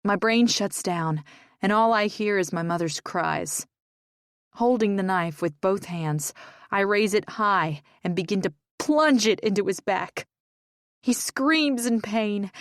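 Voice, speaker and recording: Woman narrator, first-person audiobook, tense emotional reading, lowish voice, dry close sound. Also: dry recording.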